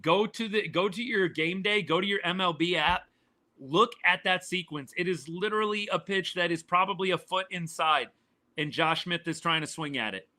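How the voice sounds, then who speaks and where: Fired-up sports streamer, bright voice. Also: male voice, sits high, moderate pace. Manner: fired-up, exasperated, repeats points. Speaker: live stream sports host. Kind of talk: live reaction sports talk, answering chat.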